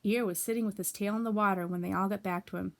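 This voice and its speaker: A woman reading a children's story aloud, expressive, with asides to young listeners. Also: mid-range voice, fast talker, vocal fry, dry recording. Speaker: storybook reader.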